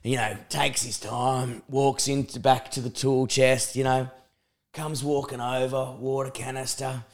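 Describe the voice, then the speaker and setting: A young man, co-hosting a podcast and telling an animated, swear-filled story in casual chat. His pitch and level are typical for a man, and he talks like a lively storyteller, swinging between loud bursts and muttered asides. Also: unhurried. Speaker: podcast co-host.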